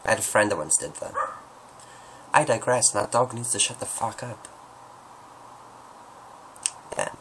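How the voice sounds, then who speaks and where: Man, very low voice, casual vlog Q&A, joking and self-deprecating, faint background hiss. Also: lively intonation, a little fast. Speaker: vlogger answering viewer questions. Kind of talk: casual Q&A monologue.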